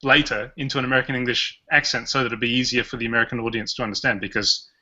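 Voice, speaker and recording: A man's voice: medium pitch, fairly even intonation, rapid-fire, sharp tone. A man with an Australian accent hosting a podcast in casual, rambling, jokey chat. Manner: rambling, jokey, chuckles often. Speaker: podcast host. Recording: dull lo-fi podcast audio.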